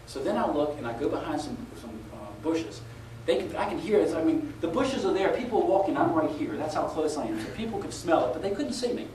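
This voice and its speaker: A middle-aged man speaking at a conference, telling an anecdote with animated delivery and laughing at his own story. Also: on the high side, quick pace, hardly any pauses. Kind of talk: live anecdotal talk. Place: conference hall. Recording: echoey live hall, taped from a distance with noise.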